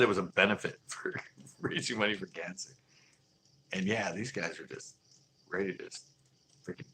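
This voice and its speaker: Easygoing guy host, fairly low voice, casual storyteller who laughs a lot; faint background hum. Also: vocal fry, poor audio. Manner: laid-back, laughs often, acts out quoted arguments. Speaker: fishing channel host.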